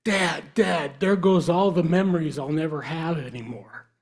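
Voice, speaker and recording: A man voicing his young daughter, apologetic and pleading, in a slightly husky voice. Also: fairly high pitch, moderate pace. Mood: sorry.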